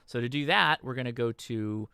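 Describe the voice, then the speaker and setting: A man's voice: medium pitch, moderate pace, vocal fry, sharp tone, clear, resonant tone, dry recording, clean studio sound. A man hosting a livestream tutorial, talking through a setup step by step in an instructional tone and checking in with the audience. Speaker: host. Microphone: desk microphone.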